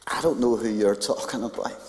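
A man preaching a sermon as a pastor, animated and conversational with touches of humor, in a church. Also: lowish voice, a little fast, a little hiss or hum. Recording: long hall reverb.

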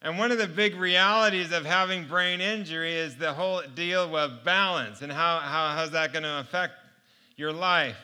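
A man in middle age gives a personal faith testimony, his voice pitched high for a man. He tells his story earnestly and often breaks into laughter. His tone is very bright and ringing. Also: normal speed, clean tone. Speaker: speaker sharing his testimony.

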